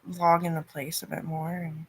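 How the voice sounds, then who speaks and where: A woman in a rambling personal monologue, cursing often, her loudness swinging from loud outbursts to near-murmurs. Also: low voice, little pitch movement, normal speed, breathy edge.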